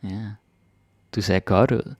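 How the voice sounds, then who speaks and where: Low gravelly guy teaching danish phrases, laid back and chatty, dry close mic. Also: no echo. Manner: relaxed and chatty, repeats phrases slowly. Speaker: language teacher. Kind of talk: casual language lesson.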